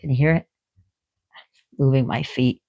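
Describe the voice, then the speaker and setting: Woman teacher, slow giggly explainer, drops to whispers then bursts out loud, dry close sound. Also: extremely low pitch, creaky, no echo, muffled recording. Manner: excitable, giggly, jumping between soft whispers and loud bursts. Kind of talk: casual explanatory talk.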